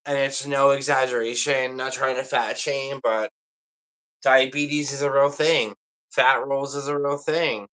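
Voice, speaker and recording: A man's voice: mid-range voice, steady tone, unhurried, fairly bright tone, poor audio. A man chatting casually on a livestream, rambling and confiding in an emotional way.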